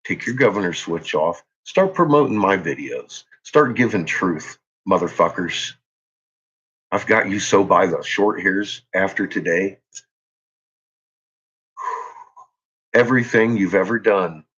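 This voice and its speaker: A channel host, tense and jittery, rants angrily to camera with profane threats. His husky voice sits lowish and sounds a bit bright. The audio is dull lo-fi.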